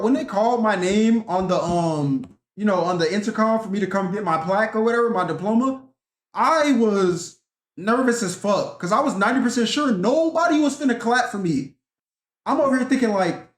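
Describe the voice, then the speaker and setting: A young man telling a profane, rambling story in a casual rant vlog, talking animatedly and swearing often. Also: high-pitched. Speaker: vlogger. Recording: echoey room.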